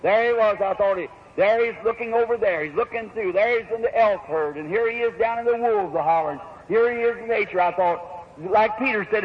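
A man's voice: high-pitched, fairly quick. A man preaching a storytelling sermon in a folksy, plain-spoken way with rural grammar. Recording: dull lo-fi recording with faint hiss.

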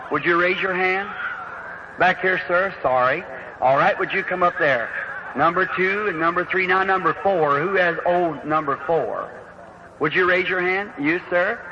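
A man leading a revival healing service, folksy and earnest, calling out prayer card numbers and rising to fervent emphasis. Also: on the high side. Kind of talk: revival sermon and prayer line. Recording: lo-fi old recording with audible hiss.

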